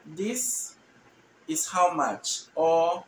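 A Ghanaian man with a slightly higher voice teaches a language lesson very slowly, repeating every phrase. He sounds a little far from the mic, in a roomy space with faint background noise. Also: expressive, a bit bright. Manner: slow, repeats each phrase patiently and translates. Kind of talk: relaxed spoken language lesson.

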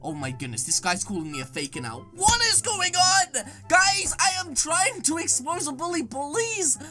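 A woman giving excitable gaming commentary, reacting with dramatic exclamations. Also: extremely high pitch, moderate pace, soft background music. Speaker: gaming YouTuber.

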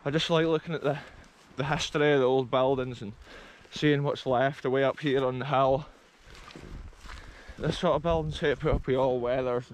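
This abandoned-places vlogger, a man with a Scottish accent, chats enthusiastically to "folks" while walking a breezy rural hillside. He has a mid-range voice with a steady tone and moderate pace, captured in a rough recording.

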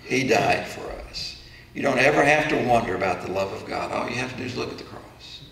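A man's voice: medium pitch, lively intonation, a little fast, vocal fry, a bit bright. A man preaching an earnest sermon as pastor, voicing the questions of the faithful. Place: church sanctuary. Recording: echoey church room from far off.

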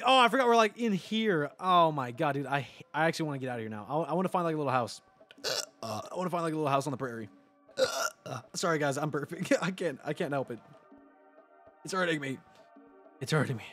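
Excitable guy streaming a game, kinda high voice that jumps around a lot, laughs and swears constantly. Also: fast talker, faint music behind. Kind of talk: casual gaming livestream chatter.

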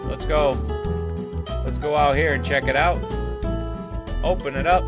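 A woman giving casual, excitable commentary while playing a video game, often breaking into panicked shouts and squeals. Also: sits low, a little slow, long pauses. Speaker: gaming video host. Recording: loud game music behind. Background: loud game music.

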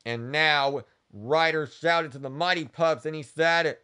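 Slow, halting man retelling a cartoon. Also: fairly high pitch, bright, forceful tone, clean tone. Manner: halting storytelling strung together with "and then". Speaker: channel host. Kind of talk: retelling a cartoon story for kids.

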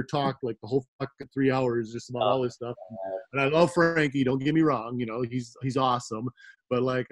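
Rambling Midwestern man telling stories. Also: mid-range voice. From American Midwest. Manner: rambling, laughing, full of fillers. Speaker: guest, rave promoter. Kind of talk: casual storytelling chat.

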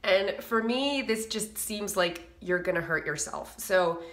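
A woman's voice: medium pitch, lively intonation, a little slow, a bit bright, reverberant. A woman vocal coach giving a singing lesson to camera, explaining technique and breaking into short sung and nasal demos.

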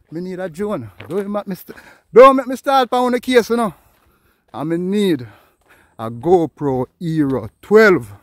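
A Jamaican man chatting casually in patois as he walks a hillside road for his vlog, rambling and calling out greetings. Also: fairly high pitch. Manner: lively, rambling patois talk, calls out greetings to passers-by. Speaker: vlogger. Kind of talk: casual walking vlog chat.

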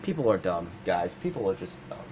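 A young man hosting a gaming video, chatting casually and swearing, with ranting, mock-shouted retellings. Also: deep voice, brisk, background noise. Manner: animated, swearing, rants with mock-shouted quotes. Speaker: gaming channel host. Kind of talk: casual chat while playing.

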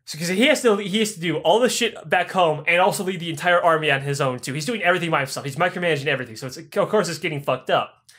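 Profane male podcast host, slightly high voice, rambling comic history. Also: very fast, a bit bright. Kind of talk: irreverent comedic history retelling.

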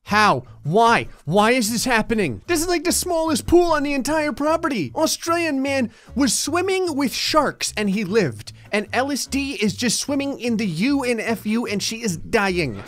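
A man doing excitable let's-play commentary, with frequent exclamations and laughter. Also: very high voice. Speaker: gaming YouTuber.

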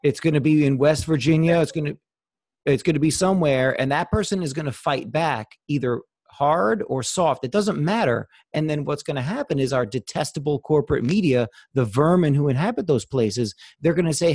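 A man's voice: fairly high pitch, lively intonation, moderate pace, a little mellow, no echo. A man hosting an interview, ranting in a scornful, emphatic way. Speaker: interviewer, channel host. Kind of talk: casual interview chat.

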